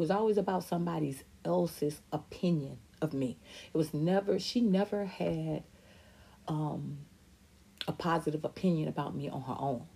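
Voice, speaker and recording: A woman's voice: deep voice, moderate pace, creaky, dark tone, breathy edge. A middle-aged woman hosting a podcast, talking candidly and emphatically about her life and answering viewer comments, sometimes mimicking other people's voices. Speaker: podcast host. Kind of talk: personal talk reading viewer comments.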